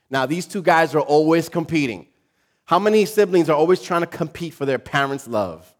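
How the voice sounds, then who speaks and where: Preacher guy telling a funny mom story, higher voice, jokey, stumbles and repeats a lot. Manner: lively, joking, talks to the congregation; halting, repeats words. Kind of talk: storytelling sermon.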